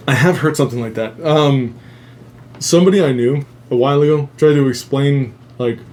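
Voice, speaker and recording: A man's voice: medium pitch, darkish tone. A man hosting a casual live stream, rambling with heavy swearing and frequent laughter, with a faint hum behind him. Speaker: host.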